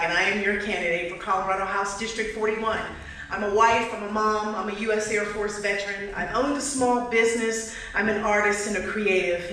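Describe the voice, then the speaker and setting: A woman giving a direct campaign speech at a candidate forum, putting questions to the audience. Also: mid-range voice. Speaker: political candidate. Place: community hall. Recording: echoey hall, mic from far off, faint noise.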